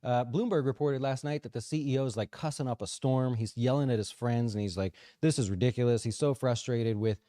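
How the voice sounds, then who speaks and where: A man hosting a casual market commentary show, chatty and animated, often checking in with "right?". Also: mid-range voice, fairly quick, hardly any pauses, no room sound, studio quality. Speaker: financial advisor show host.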